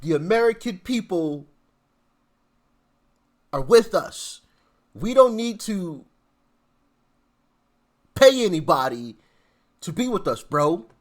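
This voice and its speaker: A man mimicking a politician, drawing out the words with long pauses. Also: high-pitched, sing-song, heavily acted. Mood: mocking. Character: man mimicking a politician's slow, pausing speech.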